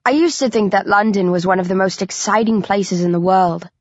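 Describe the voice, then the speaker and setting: A woman reading a first-person audiobook aloud with lively storytelling and a sly, dry humor. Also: medium pitch, a little fast, no room sound. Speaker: audiobook narrator. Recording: dull lo-fi dry recording.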